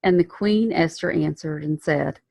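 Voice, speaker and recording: A woman's voice: low voice, normal speed, creaky, a little mellow, no room sound. A woman giving a casual Bible lesson, retelling the story in a chatty way with slang and frequent self-corrections. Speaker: Bible teacher.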